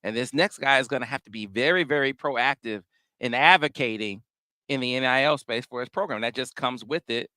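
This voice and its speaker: A man hosting a casual sports talk show, speaking in a measured, analytical way with frequent restarts. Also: mid-range voice, sharp tone, smooth, dry recording.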